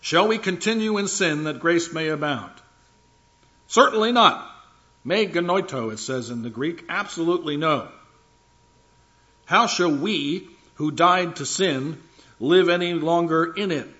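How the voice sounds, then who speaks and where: A man preaching a sermon, earnest and emphatic, reading scripture slowly and repeating phrases for stress. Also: on the high side, fairly bright tone. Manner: reads scripture slowly and deliberately. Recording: dull lo-fi sound.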